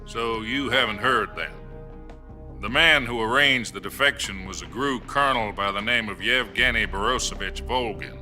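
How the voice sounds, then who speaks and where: An actor playing a calm American president speaking in a measured, diplomatic way over game cutscene music. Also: male voice, lowish voice. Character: calm male American president on a hotline call.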